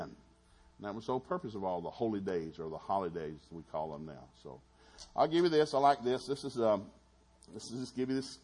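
Folksy male preacher, husky tone, animated storytelling delivery with asides to the room. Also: lowish voice. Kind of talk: sermon.

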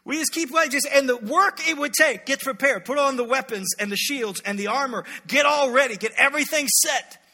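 A man preaching an animated, joking sermon to his congregation in a large church hall. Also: very high-pitched, fairly quick, hardly any pauses. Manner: animated, storytelling, jokes with congregation. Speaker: pastor. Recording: echoey hall reverb.

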